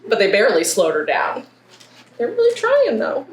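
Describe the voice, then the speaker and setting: Playful high-voiced woman reading to kids. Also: wildly swooping pitch, moderate pace, distant mic. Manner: playful, talks warmly to young children. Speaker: children's librarian. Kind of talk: story time read-aloud for kids. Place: branch library. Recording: roomy echo, faint background hiss.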